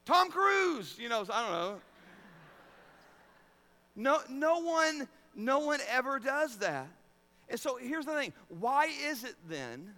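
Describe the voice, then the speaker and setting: Pastor, male, high bright voice, earnest preaching with loud emphatic swells; large reverberant sanctuary. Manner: earnest preaching, repeats words, rises to loud emphatic peaks. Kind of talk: sermon. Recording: long reverb of a large hall.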